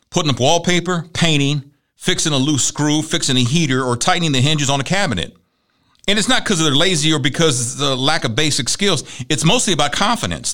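Middle-aged man, talk show host, chatty storyteller, lively swinging pitch, bright tone. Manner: chatty, animated storytelling with voiced quotes. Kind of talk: conversational monologue.

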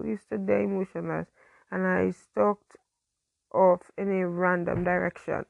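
A young woman reads a teen story aloud in a relaxed, unpolished way, with the odd slip and restart. Her voice has a gravelly, creaky texture. The sound is dry and close, with no room in it. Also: fairly low pitch, a little slow, no room sound, muffled recording. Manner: reads with slips and self-corrections. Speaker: story reader.

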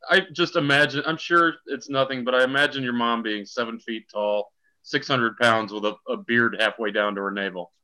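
A middle-aged man with a bright, forceful voice chatting on a podcast. He tells stories in a wry, joking way. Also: mid-range voice, fairly even intonation, normal speed, poor audio. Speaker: podcast guest, a co-host's father. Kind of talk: casual chat.

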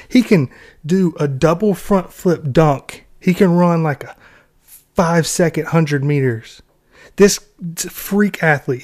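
Sarcastic ranting man, slightly high voice. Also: darkish tone. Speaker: commentator. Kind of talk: casual sarcastic commentary.

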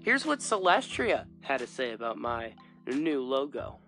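A man's voice: medium pitch, sing-song, measured pace, sharp tone, faint music behind. A man hosting a casual fan podcast, talking in a playful, chatty way. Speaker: podcast host.

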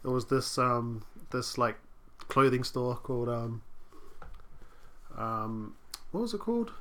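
A relaxed man spins a casual anecdote. He stops often on ums while he tries to remember the details. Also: mid-range voice, slow. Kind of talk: casual chat.

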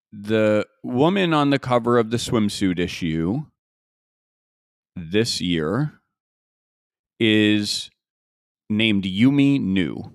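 A man's voice: on the low side, no room sound, clean studio sound. A man hosting a podcast alone, musing in a casual way and asking himself rhetorical questions. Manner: conversational, musing, frequent restarts and rhetorical questions. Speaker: podcast host. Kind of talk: casual solo commentary.

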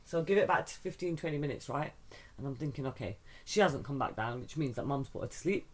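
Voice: medium pitch, fast talker. A middle-aged podcast host, telling a family story in casual chat, acting out the other people's voices and swearing casually. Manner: animated, mimics voices in stories, swears casually.

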